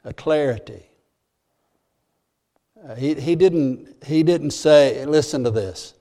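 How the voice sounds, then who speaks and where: A man's voice: fairly high pitch, takes it slowly, warm tone. A man preaching a sermon in church, earnest and repeating key phrases for emphasis. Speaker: pastor.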